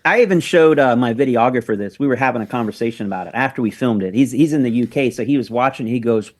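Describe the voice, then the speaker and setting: A man's voice: mid-range voice, fast talker, darkish tone. A man hosting a podcast in casual chat, laid-back and joking, swearing freely. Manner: laid-back, joking, swears, calls people "baby" and "bro". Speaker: podcast host.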